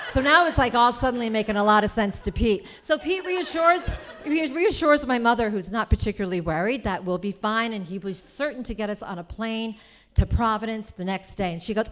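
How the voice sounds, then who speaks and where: A woman from Rhode Island telling a personal story on stage, chatty and full of quick asides. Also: a little high, expressive. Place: cultural center stage before an audience.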